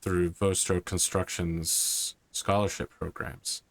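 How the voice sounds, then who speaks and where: A man voicing a worried middle-aged mother who quietly confronts her son during a tabletop role-play. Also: deep voice, level tone, slow pace, creaky, no room sound, voice pushed down, full character voice. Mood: stern.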